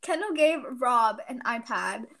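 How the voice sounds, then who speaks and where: A woman's voice: fairly high pitch, animated, a little slow, gravelly, a bit bright. A teenage girl co-hosting a podcast, telling stories in a chatty, giggly way with many fillers. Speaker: podcast co-host. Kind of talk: casual podcast chat.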